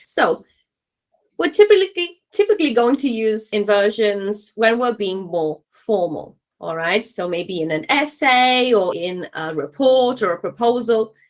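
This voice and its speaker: A woman leads an exam-prep language class in a clear mid-range voice. She explains things patiently and encouragingly and keeps checking that the students are following. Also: medium pitch, animated, a little slow, rough recording. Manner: encouraging, checks understanding with frequent "okay?". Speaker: English teacher.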